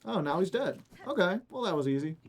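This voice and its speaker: A man's voice: high-pitched, very animated, fairly quick, a little hiss or hum. A man streaming a game in casual commentary, joking and bantering at the characters on screen.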